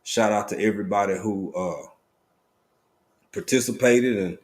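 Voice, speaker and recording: A man hosting a casual live stream, talking in a relaxed drawl and greeting viewers by name with sudden excited bursts. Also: lowish voice, measured pace.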